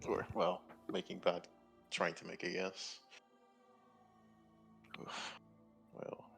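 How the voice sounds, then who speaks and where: A man's voice: sits low, completely flat delivery, slow, vocal fry, a bit bright, faint music behind. A man playing in a tabletop game, talking casually in rambling thoughts that trail off. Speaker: player.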